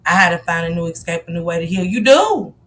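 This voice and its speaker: A woman's voice: fairly low pitch, animated, fast talker, fairly bright tone. A woman hosting a live stream in casual chat, speaking candidly and confessionally, swearing freely as she greets and answers her viewers. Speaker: livestream host.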